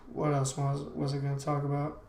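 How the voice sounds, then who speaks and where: A man's voice: fairly high pitch, completely flat delivery, measured pace, creaky, a little mellow, a little hiss or hum. A young man hosting a casual solo podcast, rambling along in slangy talk full of "man" and "dude". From United States. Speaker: podcast host. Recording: echoey room.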